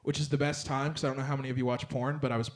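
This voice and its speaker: A young man performing a stand-up set on a club stage, rambling through a story with lots of fillers and bursts of loud acted-out lines. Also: mid-range voice, flat delivery, rapid-fire. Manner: rambling storyteller, filler-heavy, swings loud when acting out others. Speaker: stand-up comedian. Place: comedy club stage with laughing audience. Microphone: handheld stage mic.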